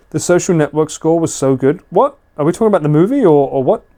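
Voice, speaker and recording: A man's voice: on the high side, lively intonation, brisk, dark tone. A man casually chatting with viewers during a live stream, joking and laughing often. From United Kingdom. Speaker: livestreamer. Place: house.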